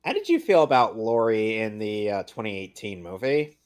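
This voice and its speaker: A man's voice: on the low side, sing-song, normal speed. Blunt, swearing man reviewing a movie. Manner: blunt, opinionated, swears casually. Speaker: podcast co-host. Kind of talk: casual movie review chat.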